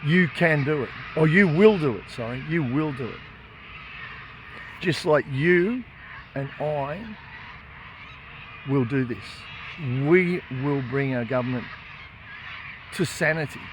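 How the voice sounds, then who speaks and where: Defiant high-voiced Australian man. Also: takes it slowly, long pauses, a little hiss or hum. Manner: defiant, indignant, raises his voice to make points. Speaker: animal rights activist. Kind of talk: impassioned filmed monologue and confrontation. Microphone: phone camera held by speaker.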